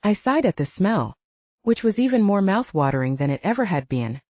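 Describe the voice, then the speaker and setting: A woman narrating a romance audiobook in expressive storytelling style. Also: medium pitch, a little fast, no echo. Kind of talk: scripted narration. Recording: dull dry audiobook recording.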